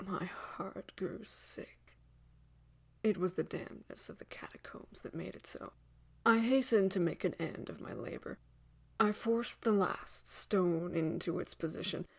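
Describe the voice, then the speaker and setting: In a lowish voice, a woman delivers a dramatic gothic story reading. Her measured delivery drops into hushed whispers, then swells into loud declarations.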